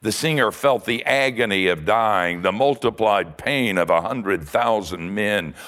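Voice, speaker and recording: A man preaching a sermon, telling stories in an animated way, dropping to a hush and rising to a shout. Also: fairly low pitch, unhurried. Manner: animated storyteller, swinging from hushed to shouting.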